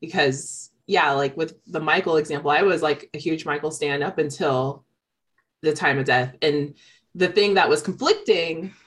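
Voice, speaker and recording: Low-voiced woman podcast co-host. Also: steady tone, normal speed. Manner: thoughtful, hesitant, with fillers. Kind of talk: casual podcast chat.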